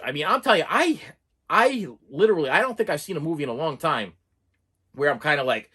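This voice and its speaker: Animated, husky-voiced man ranting about a movie. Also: fairly high pitch, fairly quick. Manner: animated, exasperated, repeats himself. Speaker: movie reviewer. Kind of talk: casual movie review rant.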